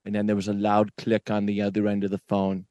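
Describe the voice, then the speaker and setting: A man's voice: fairly low pitch, completely flat delivery, quick pace, dark tone, dry recording, lightly acted. A man on a comedy podcast doing an impression of a boastful politician telling a rambling tall tale. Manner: rambling, boastful, self-correcting puns. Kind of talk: comedy impression narrating a story.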